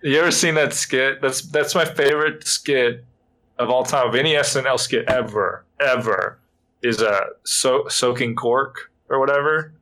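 Bright-voiced man in his thirties, rambling. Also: medium pitch, moderate pace. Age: 30s. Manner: rambling and laughing often, with many fillers. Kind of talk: casual chat.

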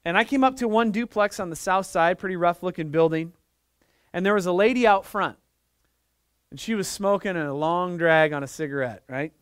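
A man in middle age delivers a church sermon in a high, bright-edged voice. He moves between storytelling and fervent, emphatic preaching. The sound is dry and close, with no room echo. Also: normal speed, clean tone. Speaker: pastor.

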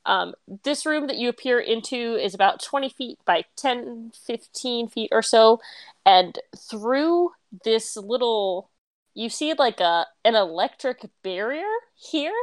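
A woman narrating as game master of a tabletop game, relaxed and chatty with plenty of fillers. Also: on the high side, a little slow, no echo.

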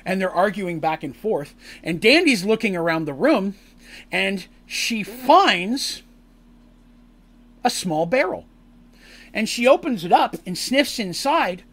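A man recapping a tabletop role-playing session as game master, in animated storytelling that bursts into acted character lines. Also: high-pitched, moderate pace. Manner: lively, acts out characters' lines in shouts and squeals.

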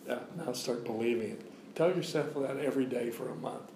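A man's voice: mid-range voice, a little fast, gravelly, background noise. Man preaching in an echoey church. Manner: conversational preaching, repeats phrases for emphasis. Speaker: guest preacher. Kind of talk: sermon. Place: church sanctuary.

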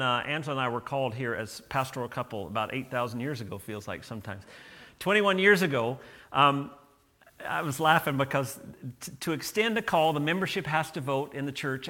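A middle-aged male pastor preaching a sermon, telling stories and acting out quotes with lively energy. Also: medium pitch. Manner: animated storytelling with acted-out quotes.

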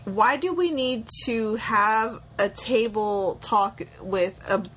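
A young woman co-hosting a casual chat, blunt and quick to laugh, swearing freely. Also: fairly high pitch, a bit bright, a little hiss or hum. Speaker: podcast co-host.

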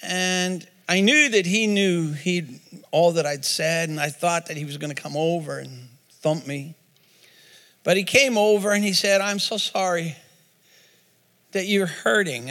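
A man's voice: high-pitched, sharp tone, big-room sound. A man preaching a sermon as pastor, telling a story with quoted voices and repeated words, then leading a prayer.

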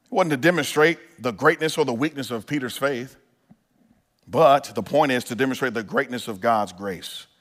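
A man's voice: mid-range voice, moderate pace, fairly bright tone. A male pastor preaching a sermon in an earnest style, building to emphatic peaks and often restarting his phrases.

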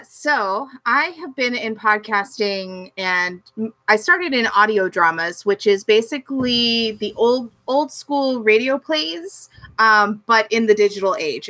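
Bright, dry-sounding female guest. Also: a little high, dry recording, poor audio. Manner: hesitant, many ums. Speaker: guest, audio producer. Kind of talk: casual podcast chat.

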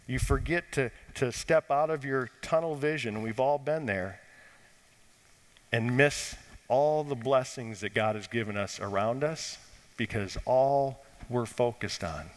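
A pastor preaching a sermon, swinging from lifted, urgent lines down to quiet, low emphasis. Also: male voice. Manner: dynamic preaching, rising and dropping to quiet emphasis. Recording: long hall reverb.

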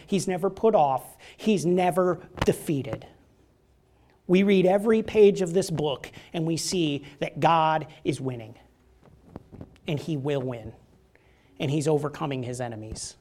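A man preaching a sermon in a church, chatty and joking, often asking the congregation "right?". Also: sits high. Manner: joking, conversational, asks the crowd "right?". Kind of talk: casual sermon.

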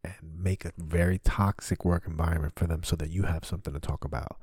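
Brief: male podcast comic, deep husky voice, profane rambling monologue. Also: fairly even intonation, fast, a little mellow, no echo, studio quality. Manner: profane, rambling, self-deprecating. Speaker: comedian podcast host. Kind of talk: solo comedic confessional talk.

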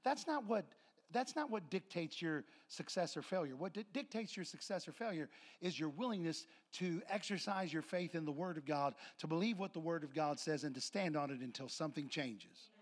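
A pastor with a slightly high, expressive voice preaches a sermon at normal speed, telling a story and acting out voices and laughter. He's in a church sanctuary before his congregation.

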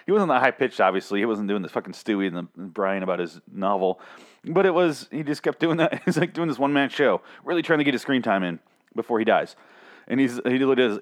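A man's voice: medium pitch, brisk. A man rambling through a casual solo recap of a TV episode, profane, joking and self-mocking.

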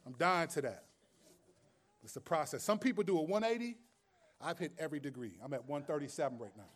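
High-voiced pastor preaching with swing. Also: male voice, animated, fairly quick. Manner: conversational, streetwise preaching with humor and rhetorical questions. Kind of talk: sermon.

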